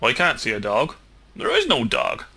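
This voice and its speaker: A man voicing an excitable, skeptical male frog who protests in a raised, incredulous voice. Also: mid-range voice, moderate pace, vocal fry, slightly rough, exaggerated voice. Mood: alarmed.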